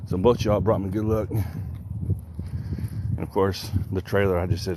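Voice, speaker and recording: Out by the water, a man streaming his fishing trip jokes casually with viewers while slightly winded. He speaks low and steadily at a moderate pace, with outdoor sounds audible behind him.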